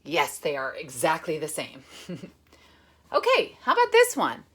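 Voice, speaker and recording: A woman teacher reading a picture book aloud with lively emphasis, then patiently explaining a rhythm lesson. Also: sits low, unhurried, slightly rough. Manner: animated, expressive reading with dramatic emphasis; patient, encouraging classroom explanation. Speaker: music teacher.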